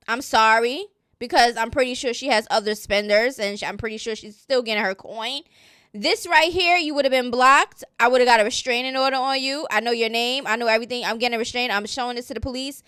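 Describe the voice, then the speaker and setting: A woman's voice: a little high, a little fast, a bit bright, clear, resonant tone, no room sound, clean studio sound. A woman hosting casual gossip commentary, blunt, sassy and mocking in tone.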